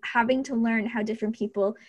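A woman's voice: on the high side, fairly even intonation, quick pace, highs cut off. An outgoing, upbeat woman hosting an interview, chatting and laughing often. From Canada. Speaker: podcast host. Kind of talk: interview chat.

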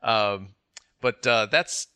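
A middle-aged man with a husky morning voice co-hosting a casual sports podcast, joking and chuckling as he talks. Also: fairly low pitch, drawn-out words, sharp tone, dry recording. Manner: joking, chuckles through his sentences. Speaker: podcast co-host.

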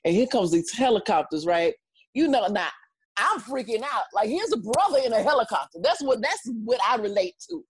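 Animated woman telling a story. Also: a little high, fairly quick, husky. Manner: lively, acts out voices, laughs often. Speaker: guest.

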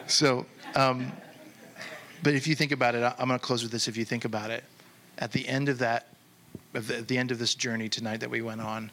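A man preaching a sermon as pastor, telling a story with animated quoted voices and slowing to a hushed close. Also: a little hiss or hum. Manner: animated, acts out quoted voices with sudden high jumps; drops to slow, hushed delivery for the closing appeal.

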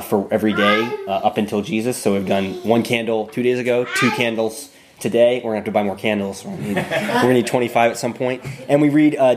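A man leading an informal Bible study for a small group in a room, talking in a relaxed, conversational way and often restarting his phrases. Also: fairly low pitch, slight background noise.

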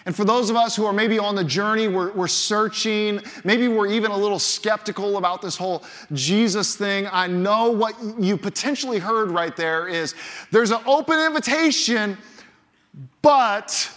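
A man delivers a sermon with a high voice and punchy, repeated phrases. His words ring out with a long reverb from a large church auditorium. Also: fairly bright tone. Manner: emphatic, repeats key phrases for effect. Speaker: pastor.

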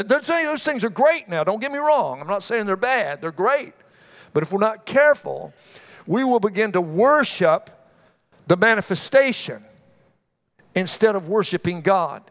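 A man preaches in a folksy, conversational style, telling homespun stories and tossing quick asides out to the congregation. His voice sits high and is a bit bright.

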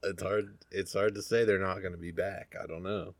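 A man's voice: low voice, little pitch movement, moderate pace, creaky, dry recording. A man ranting as a sports fan on a podcast, salty and exasperated. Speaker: podcast co-host.

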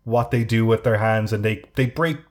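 A man's voice: on the low side, moderate pace. A man co-hosting a casual podcast, teasing and joking. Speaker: podcast co-host.

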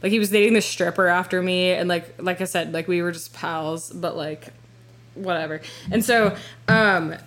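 A woman's voice: lowish voice, steady tone, normal speed, a bit bright. A woman in her twenties telling a personal story on a podcast, rambling and filling her talk with "like" and swearing. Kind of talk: casual storytelling.

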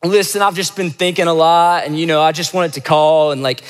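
A man's voice: fairly high pitch, steady tone, fairly quick. A young man preaching to a church crowd, telling a funny story in a casual, joking way and acting out the quotes. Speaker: pastor leading a church service. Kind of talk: sermon with storytelling. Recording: long hall reverb.

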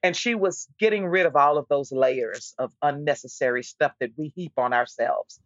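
Woman stage actor, animated storyteller who restarts often; dry, dull recording. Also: deep voice, normal speed, dry recording. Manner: lively storyteller, frequent restarts and repeated words. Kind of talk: casual storytelling in an interview.

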